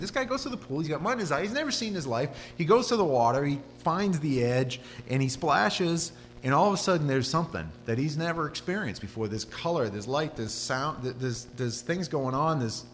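A man preaching a sermon, telling the story with animated, conversational storytelling that rises and drops. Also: medium pitch. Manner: animated storytelling, voice rising and dropping. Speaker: pastor. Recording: hall reverb with faint hum.

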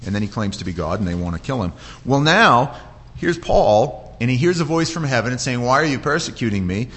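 A man delivering a sermon in a church in a conversational way, with frequent restarts and lively quoted voices. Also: medium pitch, fairly quick. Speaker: pastor.

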